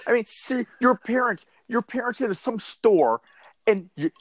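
A man co-hosting a comedy podcast, riffing on a news story in a lively, profane way. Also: very high voice, moderate pace. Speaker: podcast co-host. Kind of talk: casual comedic chat.

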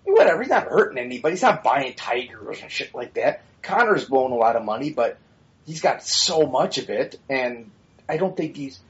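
A man riffing casually on a podcast, blunt and profane, drifting into asides before circling back. His voice sits mid-range. The audio is dull and a bit lo-fi. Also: medium pitch. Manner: blunt, swears freely, rambling asides. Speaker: podcast co-host. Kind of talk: casual opinionated chat.

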